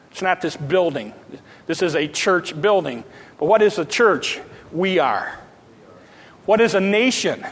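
A man preaching a sermon, drawing out scripture quotes slowly and rushing through casual asides. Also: high-pitched, a bit bright, in a large hall, rough recording. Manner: preaching with slow emphatic quotes and fast asides. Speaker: pastor. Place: church sanctuary.

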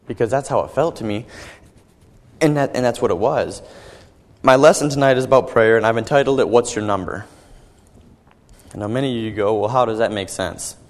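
A young man giving an earnest personal testimony as a sermon, halting and often repeating his words. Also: medium pitch, big-room sound. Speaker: young preacher.

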